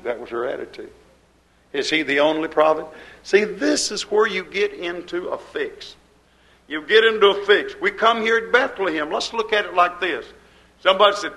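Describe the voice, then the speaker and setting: A man with a high voice preaches a fervent sermon as pastor. He asks rhetorical questions in folksy grammar and swings between loud and hushed. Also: lively intonation, normal speed, rough recording.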